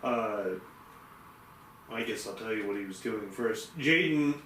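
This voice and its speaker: A man's voice: fairly low pitch, animated, measured pace, pushed and bright. A man co-hosting a casual podcast, rambling through a story with plenty of fillers and restarts. He sounds a little far from the mic in an echoey room, with faint hiss behind him. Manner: rambling, many fillers and restarts, acts out quoted people. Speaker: podcast co-host.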